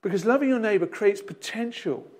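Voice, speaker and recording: A man's voice: sits high, fairly quick, darkish tone. A male pastor with an Australian accent, telling a rambling anecdote in a sermon with lots of restarts and chuckles. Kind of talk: storytelling sermon.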